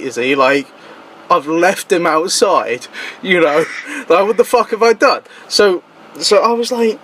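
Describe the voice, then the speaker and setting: A young man telling a party story in casual chat, animated and swearing, his voice jumping high when he quotes himself. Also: normal speed, slight background noise. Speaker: guest.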